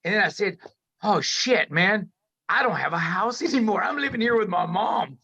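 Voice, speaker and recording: A man tells his story in candid, emphatic talk, swearing freely and restarting his sentences. His voice is on the high side and bright. The recording sounds dull and lo-fi. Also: lively intonation, normal speed, gravelly, slightly rough. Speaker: interview guest sharing recovery story.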